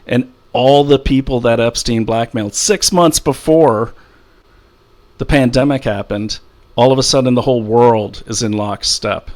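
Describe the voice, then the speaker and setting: A man's voice: medium pitch, measured pace, darkish tone. A middle-aged man in casual conversation as a guest, rambling through stories with frequent restarts. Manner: rambling, anecdotal, many restarts.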